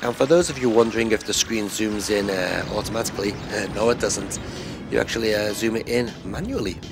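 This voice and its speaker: A man giving a relaxed, rambling voice-over commentary on a retro game, with lots of filler words. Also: lowish voice, a little fast. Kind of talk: casual gameplay commentary voice-over. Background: game music.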